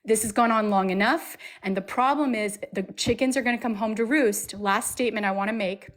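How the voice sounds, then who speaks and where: A woman's voice: a little high, fairly quick. An American woman calling in to a live stream, speaking angrily and emphatically, repeating phrases for force. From United States. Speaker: caller. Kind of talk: impassioned call-in speech.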